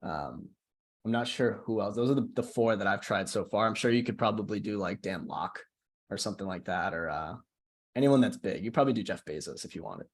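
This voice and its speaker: A man's voice: on the low side, brisk. A man giving a casual screen-share tutorial on a video call as a marketing coach, talking in a chatty way, often asking "right?" and restarting his phrases.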